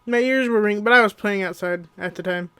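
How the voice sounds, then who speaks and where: A podcast co-host telling rambling stories in a deadpan, casual comedic chat. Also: medium pitch, quick pace.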